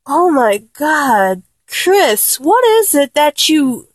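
Woman VA as a young woman, flustered and blunt, slow and drawn out, lively pitch. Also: no room sound, full character voice. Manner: exasperated, swears a lot, stammers. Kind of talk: one-sided audio role-play.

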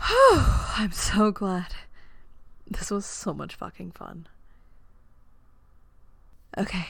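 A woman speaking in a whispered role-play, intimate and in charge, her words slow and unhurried. The recording is dry and close, with no room sound around her voice. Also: fairly low pitch, sing-song, gravelly, dry recording. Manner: soft, intimate, commanding then tender. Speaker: dominant partner in an audio role-play.

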